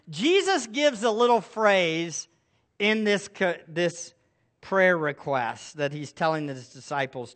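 A man's voice: high-pitched, pushed and bright. A middle-aged male pastor preaching a sermon, asking the congregation rhetorical questions.

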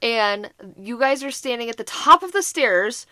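Podcast co-host, woman: bright, somewhat high voice, animated and profane storytelling, dry close mic. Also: moderate pace, dry recording. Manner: animated, swearing, laughing while retelling. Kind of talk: casual storytelling chat.

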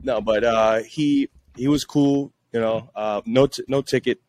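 A man telling stories in a casual podcast chat, jumping into high voices when he quotes people. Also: a little slow. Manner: animated, acts out quotes in a high voice. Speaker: podcast guest, police social media officer.

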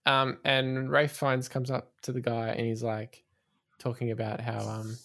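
A man's voice: mid-range voice, completely flat delivery, measured pace, creaky, bright, forceful tone. A man chatting casually about a film, joking and laughing often. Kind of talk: casual film review chat.

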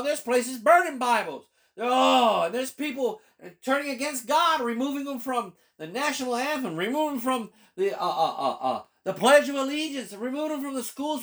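A man's voice: very high voice, expressive, moderate pace, few pauses, fairly bright tone. A male pastor preaching a personal testimony sermon and reading scripture, fervent and emphatic, repeating key phrases for weight.

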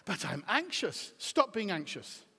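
A middle-aged man preaching a sermon as pastor, emphatic and swinging from soft to shouting. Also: high-pitched, big pitch swings, measured pace, breathy edge. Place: church auditorium. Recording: reverberant hall.

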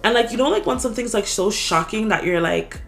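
A young woman co-hosting a podcast, telling an animated story in casual chat, full of "like" and swearing. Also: on the high side, brisk, soft background music. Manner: animated storytelling, swears a lot, heavy filler "like".

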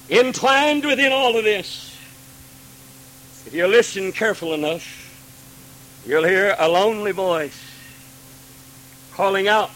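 Man, preacher, high bright voice, hushed to ringing delivery. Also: rough recording. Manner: swings from hushed pleading to ringing cries; acts out God's pleading voice. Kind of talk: Pentecostal sermon.

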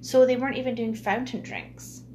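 A woman's voice: a little high, normal speed, slight background noise. Chatty woman telling a story. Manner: animated, laughing storytelling with many fillers. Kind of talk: casual chat.

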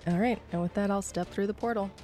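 A woman's voice: medium pitch, fairly even intonation, fast, dark tone, faint music behind. A woman player in a tabletop game, talking in a blunt, matter-of-fact way. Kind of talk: casual tabletop role-play.

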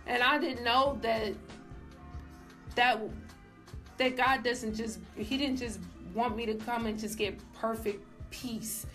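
A woman's voice: a little high, fairly even intonation, slow pace, fairly bright tone, soft background music. A young woman giving a casual personal faith testimony, emphatic and filled with "like", as a show host. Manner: casual, emphatic, says "like" often. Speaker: faith vlogger.

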